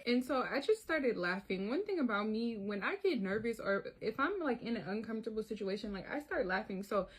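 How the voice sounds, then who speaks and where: A woman's voice: a little high, expressive, fairly quick, few pauses, husky. A woman telling a personal story in a casual, profane way, often talking to viewers as y'all. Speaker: storyteller vlogger.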